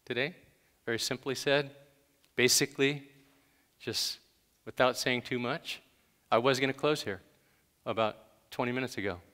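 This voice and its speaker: A man's voice: medium pitch, normal speed, long pauses, sharp tone, big-room sound. A man preaching a sermon in a conversational way, with sudden emphatic bursts. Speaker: pastor.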